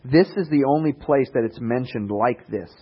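A man preaching a casual sermon, retelling stories in a conversational way with sarcastic asides and quick character voices. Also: mid-range voice, breathy edge, lo-fi sound. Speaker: pastor.

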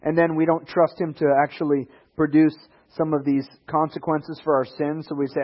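Slightly husky man preaching a sermon. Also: on the high side, normal speed, muffled recording. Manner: animated preaching with quoted voices and rising emphasis.

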